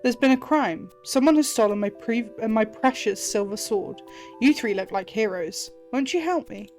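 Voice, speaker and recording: A fussy little mouse, played by a woman, who wails about her stolen sword in a squeaky, over-the-top voice that swoops up high. She pleads and exclaims with theatrical flair, like a game figure. Soft music plays faintly behind her. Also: animated, moderate pace. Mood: pleading.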